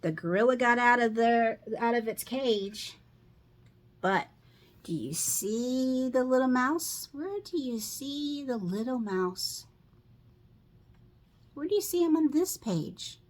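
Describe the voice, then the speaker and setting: A middle-aged woman reading a picture book aloud to children, pausing to ask them questions about the pictures. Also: a little high, expressive. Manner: slow, asks children questions.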